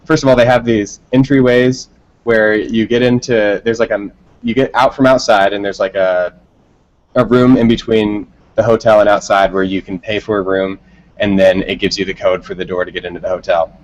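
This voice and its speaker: A man's voice: lowish voice, fairly even intonation, moderate pace, lo-fi sound. Man laughing through a rambling story. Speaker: band member guest. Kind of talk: casual interview storytelling.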